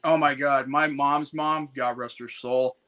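A man hosting a podcast in casual chat, lively and quick to laugh while steering the talk to the next topic. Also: medium pitch. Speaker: podcast host.

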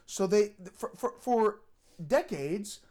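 A woman's voice: medium pitch, lively intonation, slow pace, warm tone. A woman co-hosting a casual beer podcast, explaining a theory at length in a chatty lecturing way. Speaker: podcast co-host. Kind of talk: casual chat over beer.

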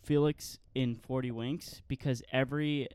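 A man's voice: medium pitch, fairly even intonation, measured pace, darkish tone, clear, resonant tone. A young man joking with a friend on a podcast, laughing often and swearing freely. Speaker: podcast co-host. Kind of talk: casual banter.

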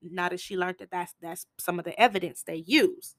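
A woman casually recapping a TV episode, telling it in an animated, slangy way. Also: fairly low pitch, moderate pace, no room sound. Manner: animated storytelling with slangy asides.

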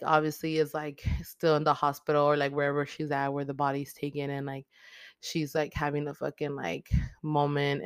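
A low-pitched woman rambles through a movie plot in a loose, profane, filler-heavy way, getting worked up as she retells it. Her voice sits close and dry, with no room sound around it. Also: no echo. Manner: heavy swearing, filler-laden, emotional retelling. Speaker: movie recap host. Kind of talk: casual profane movie recap.

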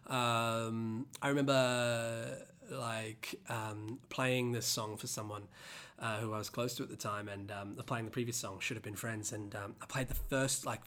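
A singer-songwriter hosting a podcast, casually telling the story behind a song, rambling with many fillers and restarts, the voice leaping up in pitch when reliving anger. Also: fairly even intonation, unhurried, a bit bright.

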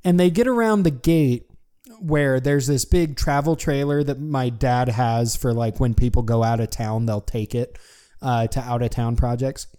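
A young man casually telling a long story to a friend, animated and full of fillers. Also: mid-range voice, normal speed, clear, resonant tone. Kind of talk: casual chat.

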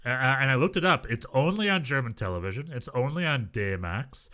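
Lively, bright-voiced man telling stories. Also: mid-range voice, moderate pace. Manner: animated storyteller, mimics voices, laughs often. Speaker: podcast co-host. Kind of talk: casual chat.

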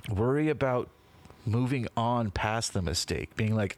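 A man's voice: medium pitch, animated, unhurried. A man co-hosting a podcast in casual chat, telling stories in a laid-back way with frequent swearing and calls of "man" and "dude". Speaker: podcast co-host.

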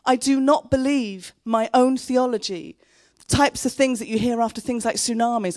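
A woman, preaching a sermon in an earnest, heartfelt way and pausing between phrases. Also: a little high, darkish tone, dry recording, studio quality. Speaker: pastor. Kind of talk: sermon with personal story.

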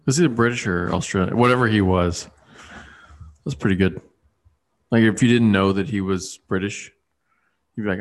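A man's voice: on the low side, normal speed, pauses often. A man in casual chat, rambling with lots of fillers and restarts.

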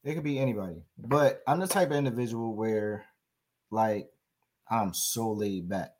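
A man, a guest in casual chat, talking in an easygoing, calm way. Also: lowish voice, normal speed, a little hiss or hum.

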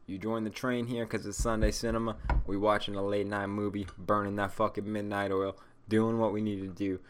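A man hosts his podcast alone in a loose, rambling rant, stoned and swearing constantly. His voice sits fairly low. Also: level tone, fairly quick, a little hiss or hum. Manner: rambling, heavily profane, stoned. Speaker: podcast host. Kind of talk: casual solo podcast rant.

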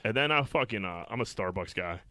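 A man's voice: on the low side, lively intonation, fairly quick, sharp tone, no room sound. A young man co-hosting a podcast, chatting casually in a rambling, profane, self-mocking way. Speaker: podcast co-host. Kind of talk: casual chat.

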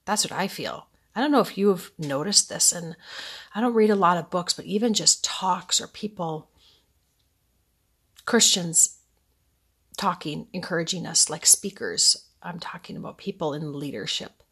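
A woman in her thirties hosting a casual faith podcast from home at night, rambling and sleepy, with soft laughs. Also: lowish voice, moderate pace, husky. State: sleepy, yawning. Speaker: podcast host.

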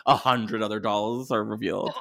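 A man's voice: lowish voice, steady tone, moderate pace, creaky. Wry man joking through a film chat. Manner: jokey, wry asides, trails off into hushed mutters. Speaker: podcast co-host. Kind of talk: casual chat.

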